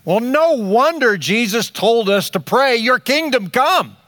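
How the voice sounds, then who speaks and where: Older guy preaching real slow, highish voice, dry close sound. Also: animated, fairly bright tone, no echo. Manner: slow emphatic preaching with dramatic pauses. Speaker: pastor. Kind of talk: sermon.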